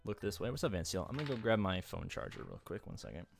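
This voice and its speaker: A man's voice: deep voice, huge pitch swings, quick pace, gravelly, a little hiss or hum. A man streaming live, talking casually in a rambling, jokey way and swearing freely. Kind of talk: casual livestream chat.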